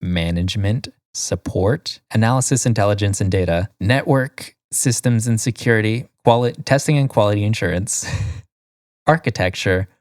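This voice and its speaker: A man's voice: lowish voice, moderate pace, a little mellow, no echo, clean studio sound. Man reading quiz options. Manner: reads quiz options in a sing-song list, giggles often. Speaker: podcast co-host. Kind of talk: casual chat, reading a quiz aloud.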